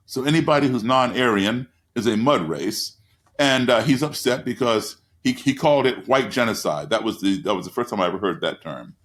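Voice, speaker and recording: A man in his sixties, a guest telling a story in conversation, lively and acting out the people he quotes. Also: mid-range voice, a little fast. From United States. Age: 60s.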